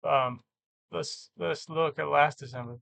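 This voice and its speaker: This man's fairly high, gravelly voice carries a fairly bright tone, even intonation and a measured pace, recorded with no echo. In a casual screen-share vlog, he thinks aloud about his reselling business's sales numbers and corrects himself as he goes.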